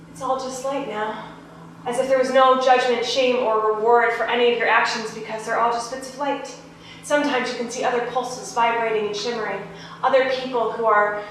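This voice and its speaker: An actress playing a playful ghost woman who lectures breezily and turns hushed and hypnotic, in a stage play. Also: a little high, close to an everyday voice. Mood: hushed, dreamy. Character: playful dreamy ghost woman, self-styled genius. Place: small theater stage. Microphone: distant room mic. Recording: echoey stage from far off, hum.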